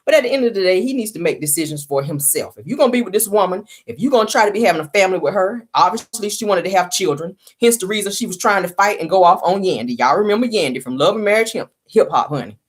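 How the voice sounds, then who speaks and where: A woman's voice: mid-range voice, animated, fast talker, hardly any pauses. A woman hosting casual celebrity gossip commentary, sassy and opinionated, often calling viewers honey.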